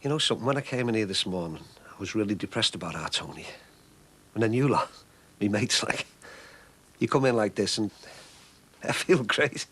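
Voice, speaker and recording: A husky, earnest shopkeeper. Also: male voice, lowish voice, expressive, moderate pace, fairly bright tone. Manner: earnest and chatty, emotional. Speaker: shopkeeper raising money for his sick brother. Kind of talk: soap opera acting.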